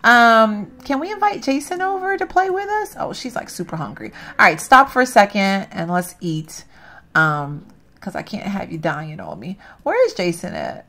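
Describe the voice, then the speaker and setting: A woman's voice: mid-range voice, big pitch swings, moderate pace, a bit bright. A woman hosting a let's play, chatting to her viewers as she plays and laughing at herself. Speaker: gaming channel host.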